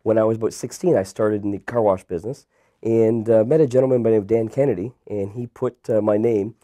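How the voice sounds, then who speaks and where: A Canadian man in his thirties, a guest entrepreneur telling his story in a relaxed, rambling interview style. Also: lowish voice, fast. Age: 30s. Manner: relaxed, rambling with many fillers and restarts.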